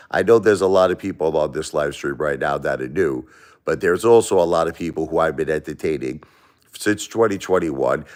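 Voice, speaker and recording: A man with an East Coast American accent hosting a casual live stream from his home, talking emphatically and repeating himself. He has been sick for a few days and swings between loud protest and soft blessings. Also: low-pitched. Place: at home by a Christmas tree.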